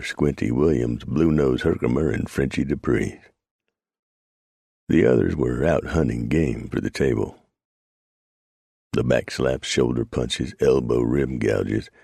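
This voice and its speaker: A man narrating a western audiobook in a steady storytelling read. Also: extremely low pitch, creaky, slightly rough, dry recording, studio quality. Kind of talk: scripted narration.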